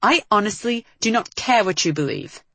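A woman's voice: on the low side, very animated, slow, sharp tone, breathy edge, dry recording, heavily acted. Lady narrator doing a stiff formal young guy, stubborn, cold. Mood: defensive. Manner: formal, no contractions. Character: young man, aloof and stubborn.

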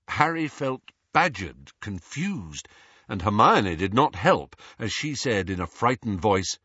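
A man reading a story aloud in an expressive, measured storytelling manner. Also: lowish voice, breathy edge, dry recording. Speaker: audiobook narrator. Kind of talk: scripted narration. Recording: dull lo-fi audio.

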